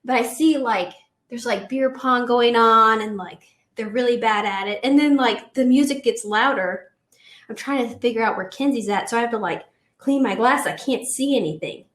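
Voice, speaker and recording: Chatty twenties woman, animated anecdote, bit high, echoey room. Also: moderate pace. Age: 20s. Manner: animated, chatty, filler-heavy. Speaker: guest. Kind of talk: casual storytelling.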